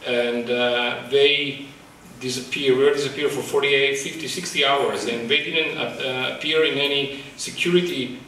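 A male photographer speaking about his exhibit in a halting, passionate way, searching for words, at a microphone. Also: medium pitch, fairly even intonation, bright, forceful tone, slight background noise. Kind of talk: emotional public talk. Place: exhibit talk at a college, indoors. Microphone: microphone in front of him. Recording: echoey room, distant mic.

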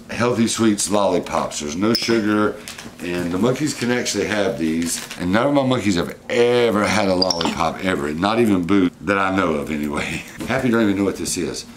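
A man's voice: on the low side, noisy background. A man, casually vlogging and coaxing his pet monkey in a playful way. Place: indoors at home with a pet monkey.

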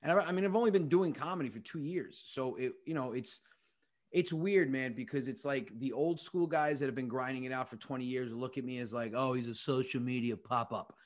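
A young US comedian on a podcast tells animated, funny stories, impersonating the people he quotes and swearing liberally. He speaks briskly at a medium pitch.

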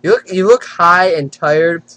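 A man's voice: high-pitched, a little slow, pushed and bright. A man hosting a casual prank video chat, giggling and teasing strangers on camera. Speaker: channel host.

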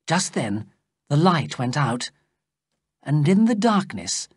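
A narrator reading a graded story aloud slowly and plainly for English learners. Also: no echo, clean studio sound. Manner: slow, clear storytelling with lively pitch. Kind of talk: slow scripted audiobook narration for English learners.

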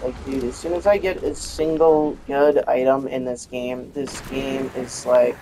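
A woman's voice: a bass voice, fairly even intonation, a little slow, few pauses, dark tone, slight background noise. A woman giving gameplay commentary, ranting in frustration with heavy swearing. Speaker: gaming channel host.

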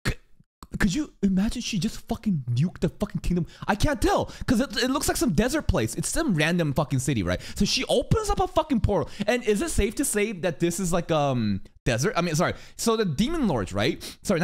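A man reacting live to an anime episode, excitable and swearing, often shouting questions at the screen. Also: on the high side.

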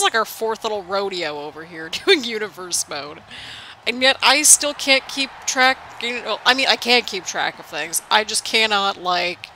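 On the high side, this young woman's voice is bright and forceful, with slight background noise. She hosts a gaming channel and chats casually through a wrestling game, rambling and laughing often.

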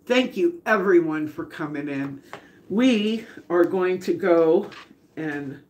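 Slow-talking woman cooking live. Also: lowish voice, animated, darkish tone, a little hiss or hum. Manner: chatty, laughs often, talks to viewers by name. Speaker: home cook hosting a live stream. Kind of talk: casual live cooking stream. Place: home kitchen. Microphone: phone camera.

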